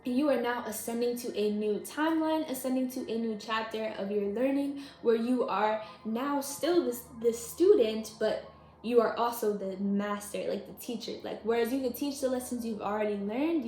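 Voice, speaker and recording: Woman in a casual to-camera reading, talks in loose run-on chatter, slightly high voice, roomy echo on a camera mic. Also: normal speed, darkish tone, faint music behind. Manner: chatty, rambling, full of "like" and "y'all". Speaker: tarot reader. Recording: echoey room, faint noise.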